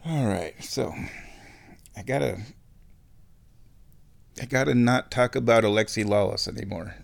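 A man at home, ranting and giving casual opinionated commentary on a football match, often clearing his throat. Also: medium pitch, a little slow. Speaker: fan watching a football match.

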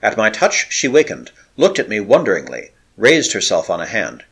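A man reading an adventure novel aloud as an audiobook narrator, telling it with expressive, dramatic storytelling. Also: fairly low pitch, moderate pace, husky.

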